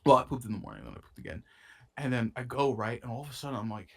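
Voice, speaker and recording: A man's voice: medium pitch, rapid-fire, creaky, fairly bright tone. A young man co-hosting a podcast, telling a rambling story in casual chat with lots of swearing and slang, his nose a bit stuffy. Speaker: podcast co-host.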